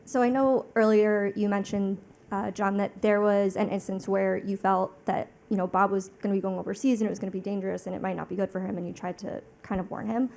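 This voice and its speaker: Woman moderator, mid-pitched, casual onstage interviewer with rushed, filler-heavy questions. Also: flat delivery, gravelly, darkish tone.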